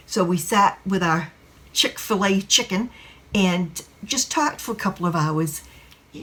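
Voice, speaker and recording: An excitable woman in her sixties, from New England, chatting at home in a casual vlog. Her voice is a little husky and she laughs easily as she tells her stories. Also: mid-range voice. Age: 60s. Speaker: vlogger. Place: at home, drying her hair.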